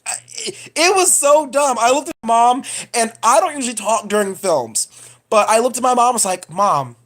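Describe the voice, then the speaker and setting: A woman's voice: on the high side, fairly quick. A woman vlogger giving a casual, profane, digressive film review rant.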